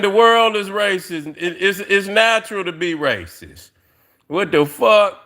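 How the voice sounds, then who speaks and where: A man's voice: sits high, expressive, unhurried, bright, forceful tone. A middle-aged man ranting on a casual livestream, profane and rambling, with lots of fillers, talking straight to his viewers. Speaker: livestream host.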